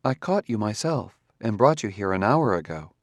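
An actor playing a calm, precise male humanoid robot detective who speaks in a measured, formal way. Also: on the low side, dry recording. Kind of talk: audiobook character reading.

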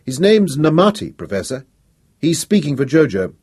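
A man's voice: a little high, big pitch swings, normal speed, a little mellow, slightly rough, no echo, clean studio sound, voice pushed up. A man voicing a nervous, cautious young male student assistant who speaks in an anxious, pleading way. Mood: informative.

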